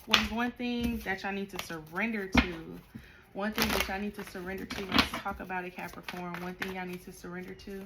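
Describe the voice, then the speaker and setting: A woman doing a tarot card reading, talking straight to the listener in a direct, animated way and scolding them at times. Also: mid-range voice, a little fast, heavy background noise. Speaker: tarot reader.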